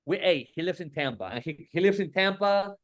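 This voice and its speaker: Rambling, slightly high-voiced man on a call. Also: expressive, fairly quick. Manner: profane, rambling, lots of "bro" and "like". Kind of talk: casual chat.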